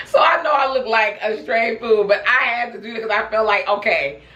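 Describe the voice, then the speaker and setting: A woman's voice: on the high side, pushed and bright, reverberant, poor audio. A woman vlogger telling a personal story in a casual, chatty way, laughing often and talking straight to her viewers. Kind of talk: casual storytelling while snacking.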